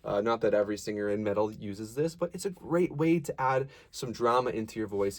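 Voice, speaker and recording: Man, voice teacher, singing lesson, casual and encouraging, animated pitch, demonstrates sounds. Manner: demonstrates sounds and sung lines between explanations.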